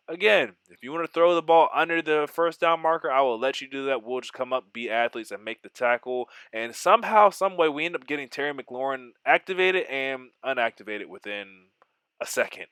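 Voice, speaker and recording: A man giving excitable play-by-play of his own football video game, mixing in joking, self-deprecating asides. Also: mid-range voice, smooth, dry recording. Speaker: gaming YouTuber.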